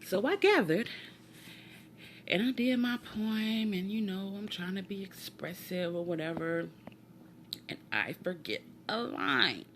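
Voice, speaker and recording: A woman telling a casual story from home, animated and acting out voices, with hushed asides. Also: mid-range voice, a little slow, slight background noise. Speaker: storytime vlogger and mother.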